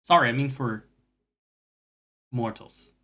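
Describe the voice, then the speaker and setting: A man's voice: mid-range voice, takes it slowly, pushed and bright. Rambling, cursing male game streamer. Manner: rambling and profane, with self-mocking asides. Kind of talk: casual chat while gaming.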